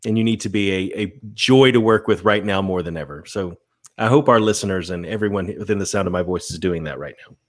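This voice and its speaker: A man's voice: low-pitched, fast talker. A man co-hosting a podcast in casual chat, teasing his partner and giving earnest little speeches. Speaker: podcast co-host.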